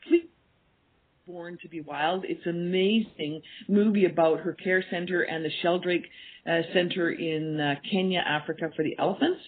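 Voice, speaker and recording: A woman guest on a radio interview, telling stories earnestly and acting out quoted dialogue. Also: fairly low pitch. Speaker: guest, animal communication teacher. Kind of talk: storytelling interview talk. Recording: tinny phone line.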